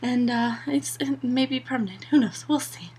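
A woman's voice: fairly high pitch, normal speed, darkish tone, slightly rough. A young woman vlogging to her camera, a sarcastic and exasperated rant full of "like" and "you know". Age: young adult.

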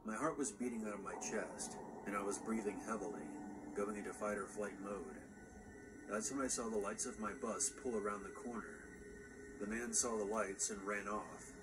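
A man reading a first-person horror story in steady, plain scripted narration. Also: lowish voice, normal speed, background noise. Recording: distant, with loud background ambience.

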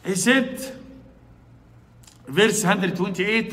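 Man, Arabic accent, preacher, high voice, emotional storytelling sermon, long hall echo. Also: animated, normal speed, a bit bright. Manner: emotional storytelling, rising to emphatic exclamations. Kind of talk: sermon-style Quran commentary.

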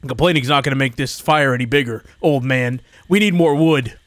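A man doing a gruff bossy camp leader. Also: mid-range voice, a little fast, no echo, clean studio sound, voice pushed down, lightly acted. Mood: stern.

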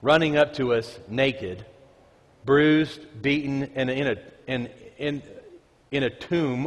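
A man preaching a conversational sermon, reading scripture aloud and joking with the congregation. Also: mid-range voice. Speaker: pastor. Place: church sanctuary. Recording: reverberant church hall.

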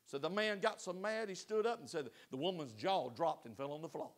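A man preaching a sermon to his congregation, swinging between loud exhortation and soft pleading and asking them direct questions. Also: a little high, lively intonation, brisk, hardly any pauses. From United States. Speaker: pastor. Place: church sanctuary.

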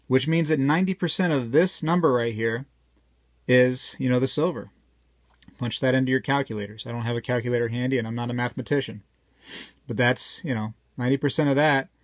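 A man's voice: medium pitch, no echo. A chatty man talks straight to his viewers in a loose, rambling way and cracks small jokes between readings from a scale. His voice sits in an ordinary middle register. The sound is dry and close, with no room around it. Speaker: coin collector vlogger. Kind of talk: casual talk to camera while weighing coins.

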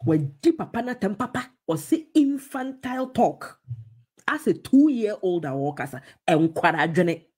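A woman's voice: medium pitch, sing-song, moderate pace, a little mellow, breathy edge. A woman with a Ghanaian accent giving opinionated TV commentary, switching between English and Twi with emphatic, mocking remarks.

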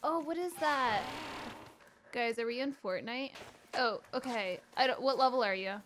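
A young woman streaming a video game, excitable, yelping and swearing as she plays. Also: fairly high pitch, moderate pace, noisy background. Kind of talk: live gameplay commentary.

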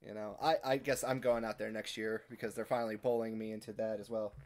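A man's voice: fairly low pitch, flat delivery, fast talker. A man co-hosting a gaming podcast, chatting in crude, joking banter, laughing often and jumping between topics. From Midwestern United States. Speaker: podcast co-host.

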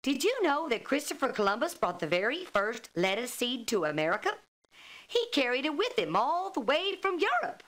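A woman's voice: high voice, very animated, normal speed, a bit bright. A woman voicing a chirpy pig character in a children's computer game who presents farm facts in a bubbly, sing-song manner. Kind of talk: 1990s children's game voice acting.

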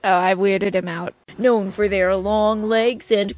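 A woman hosting a game video, talking through her gameplay in an excitable, jokey way with silly asides. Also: mid-range voice, a little slow, few pauses, faint music behind. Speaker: gaming channel host. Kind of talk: playful gameplay commentary.

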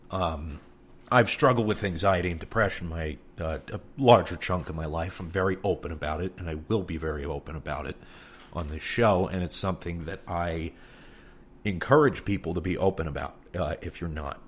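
Man, new york accent, very low voice, frank rambling podcast host, curses a lot. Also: slight background noise. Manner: frank and rambling, with frequent cursing. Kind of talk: candid casual monologue.

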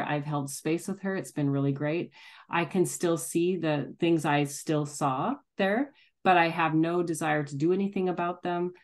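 A middle-aged woman telling a personal story in a candid, self-deprecating way, laughing often. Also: sits low. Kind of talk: casual reflective storytelling.

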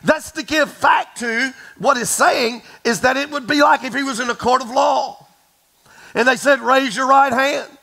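Man, pastor, sermon, high bright voice, dramatic storytelling, hushed then loud. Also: moderate pace, poor audio. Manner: dramatic storytelling, dropping to a hush and rising to shouts; addresses the congregation directly.

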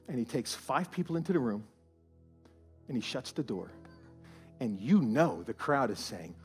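A man, a pastor, preaching a sermon in a church, animated and swinging from hushed tones to loud emphasis. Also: mid-range voice, normal speed, soft background music. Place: church auditorium.

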